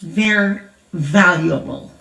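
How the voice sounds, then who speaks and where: Speaking extremely slowly with vocal fry, this grandmother has a fairly low, bright, forceful voice. She gives a storytelling testimony at a conference, chatty and full of laughter, and the large church hall makes her sound distant and echoey.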